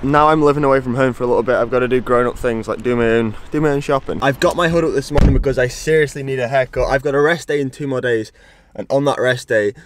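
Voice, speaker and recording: Brief: young man, quick chatty cycling vlogger, talks on the go outdoors. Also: medium pitch. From Ireland. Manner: chatty, talks while riding and catching breath. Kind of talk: casual vlog to camera. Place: outdoors on the road.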